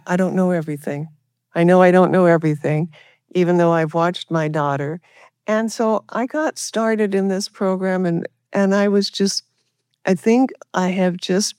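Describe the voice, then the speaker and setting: A woman's voice: lowish voice, a little mellow, dry recording, studio quality. A middle-aged woman sharing her recovery story at a meeting, talking earnestly and rambling with many restarts. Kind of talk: personal recovery share.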